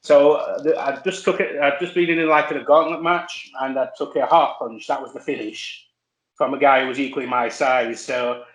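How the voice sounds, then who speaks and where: Halting man, roomy sound. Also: mid-range voice, fairly even intonation, a bit bright. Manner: halting, many fillers and restarts. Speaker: wrestler guest. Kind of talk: casual storytelling chat. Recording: roomy echo.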